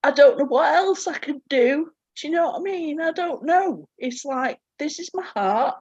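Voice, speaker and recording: A woman's voice: high voice, animated, normal speed, darkish tone, no room sound. A woman sharing candidly and tearfully in a spiritual group call, swearing freely. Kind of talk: emotional sharing. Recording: dry, muffled audio.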